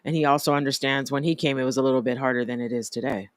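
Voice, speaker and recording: A man's voice: medium pitch, steady tone, racing, dry recording, studio quality. A man co-hosting a podcast, making his point emphatically and repeating phrases. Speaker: podcast co-host. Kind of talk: casual opinionated chat.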